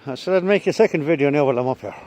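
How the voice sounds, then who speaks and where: A man's voice: a little high, rapid-fire, darkish tone, low-quality recording. A middle-aged man telling stories casually while walking a woodland path, a little out of breath, recorded on a chest-mounted camera. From Ireland. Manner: rambling, swears casually. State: slightly out of breath. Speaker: vlogger. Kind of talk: casual walking vlog storytelling.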